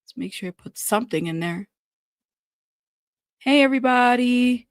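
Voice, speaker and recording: A woman's voice: a little high, lively intonation, normal speed, no room sound, clean studio sound. A woman hosting a casual live stream, upset and a bit scattered as she greets viewers and fumbles with her screen.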